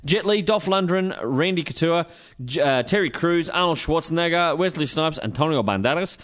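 Lively Australian man hosting a chat. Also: on the high side, normal speed. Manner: chatty, swears, reels off news. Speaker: podcast host. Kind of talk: casual chat.

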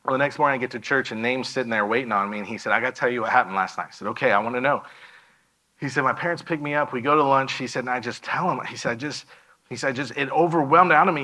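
A man's voice: medium pitch, bright, forceful tone, poor audio. A man giving a missionary presentation in a church, telling a story and acting out the dialogue of the people in it.

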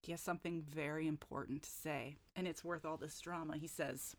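A woman's voice: sits low, steady tone, fairly quick. A woman recapping a book chapter for friends in a casual, joking way, with wry asides. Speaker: book podcast host.

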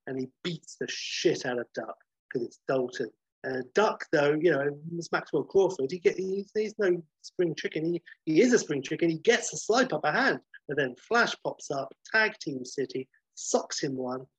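A man's voice: a little high, lively intonation, moderate pace, breathy edge, no echo, lo-fi sound. A man casually recapping a film plot, rambling and swearing freely, with lots of ums.

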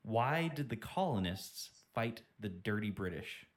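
A low-voiced American man running a quiz on a radio show. He teases his friends with jokey asides and reads each question slowly and deliberately. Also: lively intonation. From United States. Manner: teasing, deliberate when reading questions. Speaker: quizmaster. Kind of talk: casual quiz banter.

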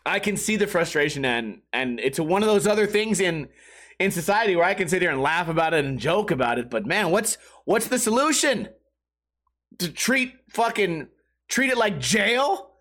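A man's voice: sits high, normal speed. A young adult man ranting casually and profanely, acting out other people's voices. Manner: profane, animated, acts out yelling voices.

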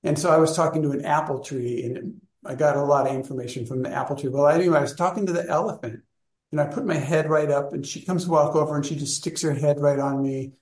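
A man's voice: a little high, steady tone, fast, darkish tone, roomy sound. A man in a study group, casually telling a personal story and rambling as he searches for words.

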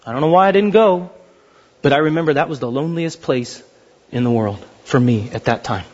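A man preaching a sermon, telling stories animatedly and acting out what people say, with a husky voice. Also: on the high side, brisk, muffled recording. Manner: animated storytelling, acting out quotes.

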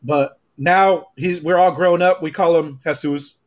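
A man with a notably high voice spins a rowdy anecdote on a podcast. He swears freely, slips into Spanish, and acts out the scene as he goes. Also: a little slow, muffled recording. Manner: animated storyteller, profane, mixes Spanish. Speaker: photographer and podcast guest. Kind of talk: casual podcast storytelling.

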